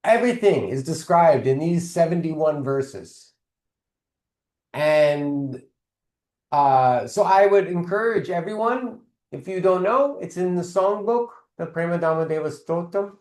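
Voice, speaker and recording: A man with a fairly high voice speaks slowly and emphatically, full of enthusiastic praise. The sound comes over a video call from an echoey room. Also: expressive, a little mellow. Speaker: host of a devotional video call.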